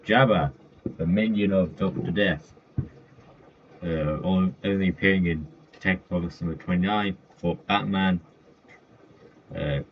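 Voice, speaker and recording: A man's voice: low-pitched, measured pace, pauses often. A man in casual commentary running through a list of comic villains, rambling with fillers and self-corrections. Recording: dull lo-fi mic with faint noise.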